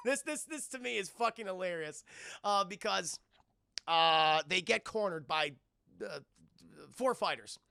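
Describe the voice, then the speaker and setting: A man streaming a live film review, recapping scenes sarcastically for his chat with swearing and quick mock impressions of the characters. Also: high voice, creaky, clear, resonant tone, dry recording, studio quality. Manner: sarcastic, animated retelling with profanity.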